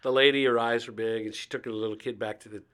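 A man's voice: mid-range voice, fairly even intonation, fast talker, fairly bright tone, smooth. A man in his fifties from Ohio, a guest telling stories in a conversational interview and acting out the voices of the people he quotes. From Ohio, United States. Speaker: guest speaker on faith and poverty.

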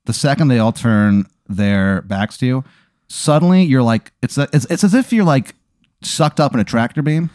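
Deadpan man spinning a tall tale. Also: mid-range voice, moderate pace, dry recording, studio quality. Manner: rambling, deadpan, many fillers. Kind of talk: improvised comic storytelling.

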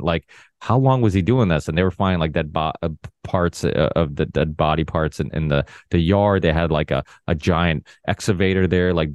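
A man's voice: deep voice, darkish tone, no room sound. A man guesting on a podcast, chatting casually in a loose, self-correcting way. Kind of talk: casual conversation.

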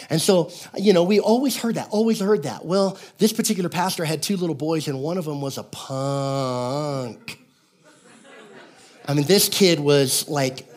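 Male pastor, 50s, slightly high voice, chatty storytelling sermon with asides to the congregation. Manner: storytelling, conversational, calls out to the congregation; acts out characters in quoted voices.

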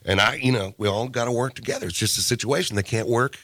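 A man co-hosting a radio show, telling stories in casual banter and mimicking coworkers loudly. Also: medium pitch, fast talker, dry recording.

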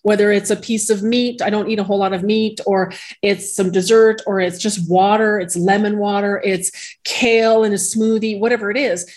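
A woman hosting a podcast, telling a casual story in a chatty way with quick asides. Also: medium pitch, fairly even intonation, darkish tone. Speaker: podcast host. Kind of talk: casual chat.

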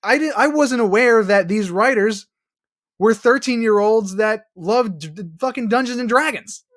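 A man's voice: sits high, normal speed. Ranting, cursing guy reviewing a movie. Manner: profane, ranting, animated. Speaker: podcast co-host. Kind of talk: casual movie review chat.

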